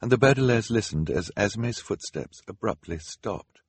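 Male audiobook narrator, low and husky, lively dramatic delivery, dry close recording. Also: moderate pace, no room sound. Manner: expressive storytelling with dramatic rises. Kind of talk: scripted narration.

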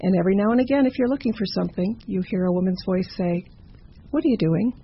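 A woman tells a campfire ghost story in a chatty, conversational way, with stumbling asides. Her voice is gravelly and slightly husky. The recording sounds dull and muffled. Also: mid-range voice, rapid-fire.

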